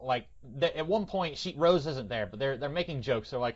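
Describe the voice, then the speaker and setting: A man co-hosting a podcast, talking about films in a loose, chatty way with halting fillers. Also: fairly high pitch, animated. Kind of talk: casual film discussion. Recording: dull lo-fi podcast audio.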